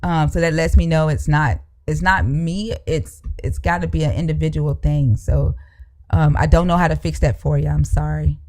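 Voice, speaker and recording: A live-stream host with a drawl, talking into a streaming mic at a middling pitch. The delivery is blunt and salty, hammering the same demand again and again in a heated back-and-forth with callers. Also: fairly even intonation, normal speed, a little mellow. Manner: blunt, profane, repeats demands insistently. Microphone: live-stream microphone.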